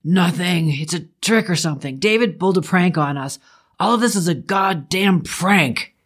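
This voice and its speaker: A man's voice: high voice, normal speed, fairly bright tone. A man voicing a desperate young man who speaks in a strained, urgent way.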